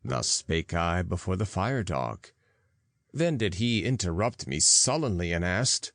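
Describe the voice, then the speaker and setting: A man reading an audiobook in slow, deliberate, archaic English. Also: low voice, big pitch swings, a bit bright, no room sound. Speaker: audiobook narrator. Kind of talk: scripted narration.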